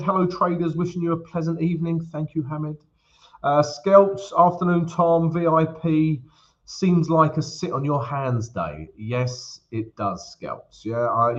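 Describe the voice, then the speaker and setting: Male stream host, casual and jokey, mid-pitched, slightly muffled lo-fi audio. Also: a bit bright. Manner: chatty, jokey, greets viewers by name. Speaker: forex trading livestream host. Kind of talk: casual livestream chat.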